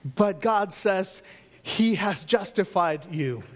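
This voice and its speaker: A man's voice: high voice, lively intonation, slow pace. A man preaching a sermon as pastor, driving his points home through repeated, emphatic refrains.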